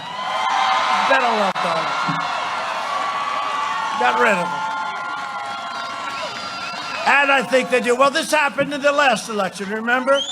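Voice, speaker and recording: A man addressing a rally, talking in repetitive, rambling runs with side remarks and sudden shouted lines into a podium microphone. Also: high-pitched, measured pace, pauses often, crowd noise, noisy background. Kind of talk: rally speech. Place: large rally venue.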